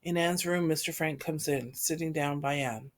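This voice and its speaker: A woman reading the stage directions of a play in an even, measured way. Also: low voice. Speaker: reader.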